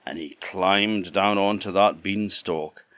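Slow, deep storyteller man. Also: dry recording. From Orkney Islands. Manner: animated, conversational telling with asides to the listener. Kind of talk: traditional oral storytelling. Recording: dull, dry lo-fi recording.

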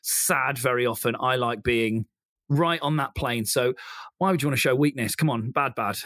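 A man's voice: mid-range voice, moderate pace, pushed and bright, no room sound, clean studio sound. A man co-hosting a podcast, easygoing and dryly teasing. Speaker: podcast co-host. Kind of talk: casual chat.

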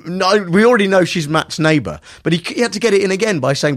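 Animated high-voiced man chatting. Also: fast, hardly any pauses. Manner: animated, laughing, rambling anecdotes. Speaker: podcast co-host. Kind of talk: casual comedic chat.

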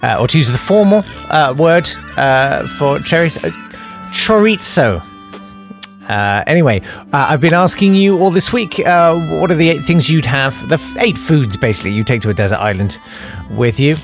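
A man's voice: fairly high pitch, lively intonation, normal speed, faint music behind. A man hosting a radio show, rambling through comedic chat with lots of ums, tangents and self-amused asides. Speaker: radio host.

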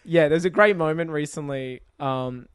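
A man's voice: a little high, normal speed, smooth, dry recording, clean studio sound. A man co-hosting a podcast, talking casually and animatedly, laughing and swearing as he tells stories. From Australia. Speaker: podcast co-host. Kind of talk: casual chat.

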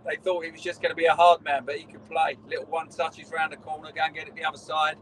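A man's voice: a little high, flat delivery, fast talker, background noise. A middle-aged man, a former footballer telling rambling stories in a casual interview. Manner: rambling storyteller, restarts, swears in quotes.

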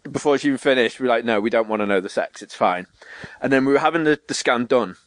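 A young man, a podcast co-host telling stories in casual chat and jumping up in pitch to act out quotes. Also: quick pace, dry recording. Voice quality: animated storyteller, swearing, acting out quotes in a higher voice.

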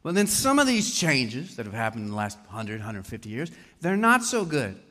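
A man preaching a sermon to a congregation in an animated way, often putting questions to his listeners. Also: medium pitch, normal speed. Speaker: pastor. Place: church hall with congregation. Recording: long hall reverb.

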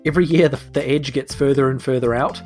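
A man running a tabletop role-playing game as game master, narrating scenes in a relaxed, laughing way. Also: medium pitch, fast talker, soft background music.

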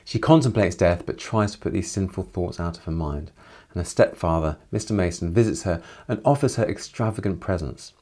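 A man's voice: deep voice, a little fast, dark tone. A man summarizing a novel chapter by chapter, adding reflective personal asides. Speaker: literature commentator.

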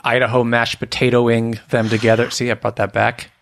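A man's voice: medium pitch, little pitch movement, normal speed, vocal fry, a bit bright, a little hiss or hum. A man co-hosting a podcast in playful casual chat, teasing his co-host and making up food puns.

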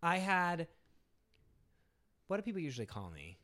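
A man from the United States in casual chat, rambling with lots of fillers and lively impressions of his mother. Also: a little high, normal speed, no room sound. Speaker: guest.

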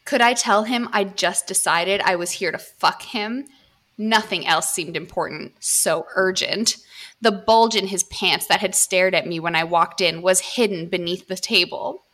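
Casting: female podcast host, bright, crisp voice, reads steadily, jokes between passages. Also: fairly low pitch, measured pace. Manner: reads steadily, breaks off to joke. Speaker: podcast host reading a story. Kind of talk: reading erotic fiction aloud with banter.

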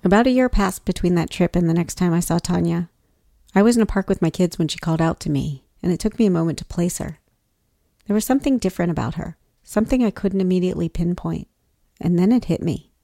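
Low gravelly woman narrating. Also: fast talker, warm tone, no echo, clean studio sound. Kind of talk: reflective scripted narration.

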